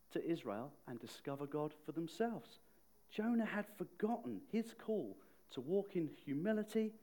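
A man with a fairly high, darkish voice preaches a sermon in a conversational style. He frequently puts questions to his listeners.

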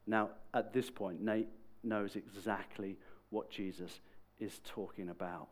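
A middle-aged man preaching in a conversational, lively way, with sudden bursts of emphasis. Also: lowish voice, a little slow. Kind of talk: sermon.

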